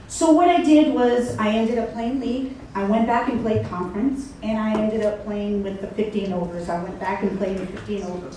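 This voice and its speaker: A woman's voice: a little high, mellow, a little hiss or hum. A woman in her fifties with a Cincinnati accent giving a heartfelt, emotional acceptance speech at a podium, telling stories and now and then choking up. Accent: Cincinnati, Ohio. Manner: heartfelt, storytelling, voice catching with emotion. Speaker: hall of fame inductee giving a speech. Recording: very echoey hall, mic far off.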